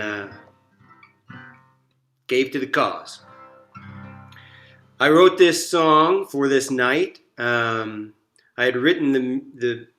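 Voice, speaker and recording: A man introducing his own song in a soft, halting, rambling way, joining over a video call from home. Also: medium pitch. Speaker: singer-songwriter performer. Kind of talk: casual spoken song introduction. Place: at home in Virginia, joining remotely.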